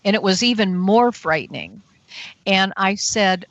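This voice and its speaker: A woman guest on a talk show tells a personal story at a slow, unhurried pace. Her voice is dry and close on a dull, muffled line. She acts out her own panicked inner voice as she goes. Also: medium pitch, no echo. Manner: animated storytelling, acting out her own frightened thoughts.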